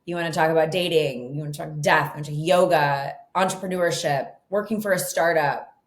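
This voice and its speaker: A middle-aged woman, a guest author, telling her story in a casual interview, chatty and animated with lots of "like" and "you know". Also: deep voice, a little fast. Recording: echoey room.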